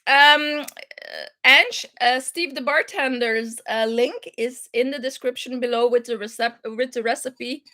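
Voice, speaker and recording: A woman's voice: fairly high pitch, slow pace, long pauses, sharp tone. A woman hosting a casual live-stream chat, talking to viewers, laughing often and answering their comments. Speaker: host.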